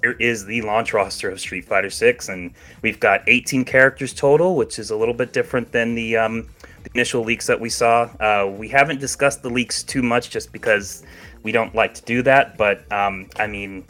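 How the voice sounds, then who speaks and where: A man's voice: medium pitch, moderate pace, pushed and bright. A man co-hosting a casual chat show about video games, chatty and hedging, laughing easily. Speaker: podcast co-host.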